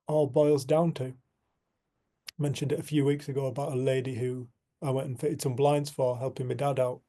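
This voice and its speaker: A man giving an earnest, reflective spiritual talk to a community group, telling a personal story. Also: medium pitch. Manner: earnest, storytelling, soft and slow at times.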